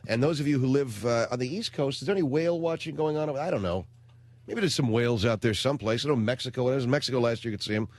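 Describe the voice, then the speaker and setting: A man's voice: medium pitch, expressive, fast talker, no room sound. A middle-aged man hosting a radio show, telling a rambling, sardonic comic story in a studio. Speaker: radio talk show host. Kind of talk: comedic radio monologue.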